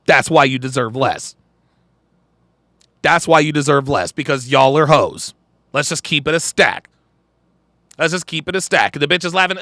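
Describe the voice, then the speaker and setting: A man's voice: fairly high pitch, expressive, normal speed, long pauses, pushed and bright, no room sound, studio quality. A man hosting a podcast livestream, ranting bluntly and crudely while reacting to clips and chat. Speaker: podcast host. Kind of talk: livestream commentary.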